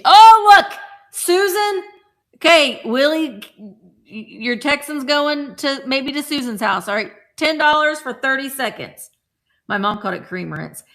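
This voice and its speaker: Bright, lively woman hosting a sale. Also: fairly high pitch. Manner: chatty, rambling, playful asides. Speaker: host of a live vintage sale. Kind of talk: casual live-stream selling chat.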